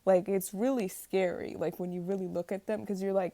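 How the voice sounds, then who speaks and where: A woman's voice: mid-range voice, steady tone, a little fast, mellow, dry recording. A young woman ranting casually to camera, rambling and exasperated, stumbling over words and laughing at herself. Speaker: vlogger.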